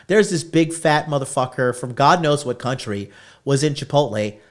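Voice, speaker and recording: A man hosting a podcast, ranting brashly and swearing constantly as he lectures his listeners on dating. His voice sits at an ordinary middle pitch for a man. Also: expressive, normal speed. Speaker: podcast host. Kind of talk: profane dating-advice rant.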